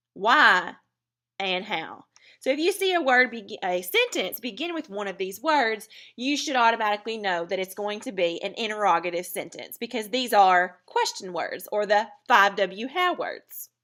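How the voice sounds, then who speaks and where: A woman teacher talks through a recorded grammar lesson, breaking each point into small steps. Her voice is bright and forward, at an ordinary middle pitch. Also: big pitch swings, moderate pace. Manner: step-by-step explaining.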